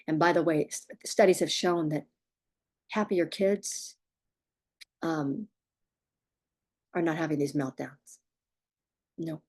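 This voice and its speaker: A woman's voice: low-pitched, slow, long pauses, a little mellow, husky. A woman parenting coach giving blunt, emphatic advice straight to the viewer, repeating points for stress. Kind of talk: direct advice monologue.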